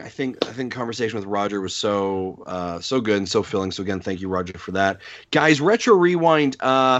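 A man hosting a podcast, wrapping up the show with shout-outs and plugs, upbeat with wry asides. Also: mid-range voice, lo-fi sound. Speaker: podcast host.

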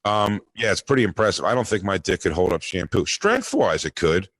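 A man's voice: sits low, animated, fairly bright tone, dry recording. A man co-hosting a podcast, joking in brash, profane casual banter. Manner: brash, profane, quick jabs. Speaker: podcast co-host.

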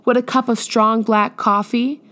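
A woman reading the lines of a tender, motherly woman in a storybook, soft and solicitous. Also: a little high, steady tone, measured pace.

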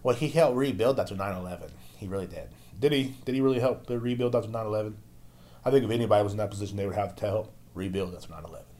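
A man's voice: on the low side, rapid-fire, dark tone. A young man hosting a podcast at home, ranting in a crude, exasperated way and swearing constantly. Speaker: podcast host. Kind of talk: profane ranting monologue. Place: at home, drinking beer.

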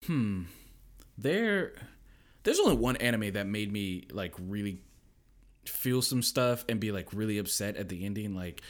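Podcast guest, man in his 30s, lower register, loose and rambling, animated storyteller. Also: moderate pace. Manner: animated storyteller who acts out quotes; rambling, with many restarts and fillers. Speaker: podcast guest, content creator. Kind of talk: casual podcast chat.

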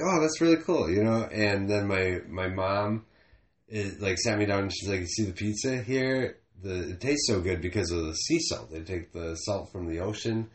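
A man telling a rambling story on a casual podcast, swearing and trailing off often. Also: low-pitched. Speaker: comedian podcast host. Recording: echoey room with faint noise.

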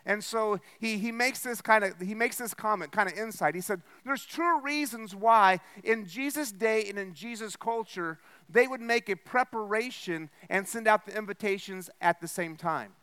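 A man's voice: high-pitched, moderate pace, hardly any pauses, sharp tone, smooth. A male pastor preaching a sermon, explaining step by step, checking in with "okay?" and "right?", and acting out the host's lines with a raised voice. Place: church.

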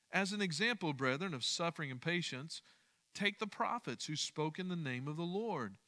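A man's voice: a little high, lively intonation, normal speed, pushed and bright. A man leading a midweek Bible study, speaking emphatically, repeating key phrases and putting questions to his listeners.

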